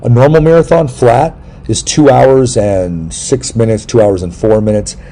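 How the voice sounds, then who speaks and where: A middle-aged man hosting a casual interview chat, telling rambling, jokey stories and breaking into sudden loud yelps. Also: medium pitch, moderate pace. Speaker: podcast host.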